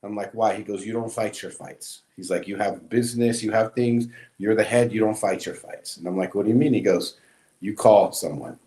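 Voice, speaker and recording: Man telling a story with animated quotes. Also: on the low side, normal speed. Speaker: guest. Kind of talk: casual storytelling chat.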